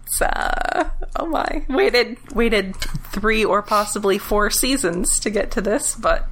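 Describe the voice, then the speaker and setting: A woman co-hosting a casual podcast, unhurried and playful. She chats about a cartoon with easy asides and frequent laughter. A faint hiss sits under her voice. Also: mid-range voice, fairly bright tone. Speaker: podcast co-host.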